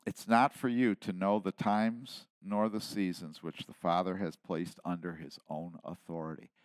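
A man in his seventies delivers a sermon in a low voice at an unhurried pace. He drops to near-whispered asides, then rises to loud, emphatic declarations. The sound is dry and close. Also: steady tone, no echo. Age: 70s. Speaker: pastor.

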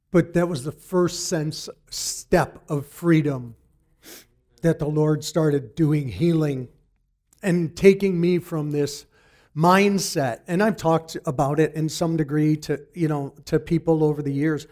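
Slow, earnest middle-aged man testifying. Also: on the high side, a little mellow. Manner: earnest, halting, many restarts. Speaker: church member giving testimony. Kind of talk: personal faith testimony.

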